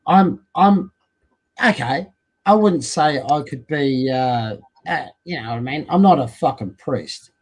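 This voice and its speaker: Man, casual banter, crude, teasing, husky, high voice. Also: animated, unhurried, rough recording. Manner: loud, crude, teasing, swears a lot. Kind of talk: casual chat.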